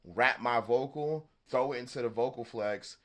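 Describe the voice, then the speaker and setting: Bright-voiced Southern man rambling. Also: medium pitch. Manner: rambling, halting, swears freely. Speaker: beatmaker livestream host. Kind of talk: casual live-stream chat.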